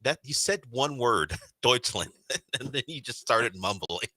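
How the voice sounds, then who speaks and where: A man's voice: mid-range voice, expressive, measured pace, bright, forceful tone, no echo. A man co-hosting a sports radio show, ribbing his partner with dry wit. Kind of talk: casual sports radio banter. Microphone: studio microphone.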